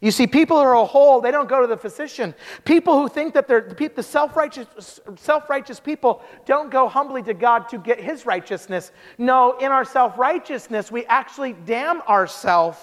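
A man preaching a sermon, telling stories with lively acted-out quotes. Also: very high voice, moderate pace, few pauses. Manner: animated storytelling, acts out quotes in character voices. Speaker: pastor. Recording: long hall reverb.

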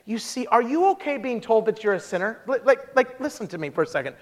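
Emphatic male preacher with a very high voice, telling stories; church sanctuary with long reverb. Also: sing-song, quick pace. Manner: emphatic, rhetorical questions, vivid anecdotes. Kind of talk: sermon.

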